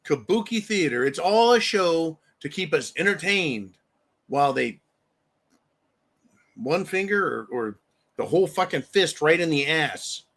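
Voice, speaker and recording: Angry guy ranting on his show, swears a lot, slightly high voice. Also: animated, measured pace, a bit bright. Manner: angry, profane, emphatic. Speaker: host. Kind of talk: profane political rant.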